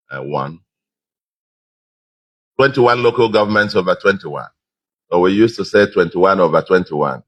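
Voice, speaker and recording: A man's voice: deep voice, bright, forceful tone. A man with a Nigerian accent giving an emphatic victory speech to supporters, repeating his key phrases. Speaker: politician.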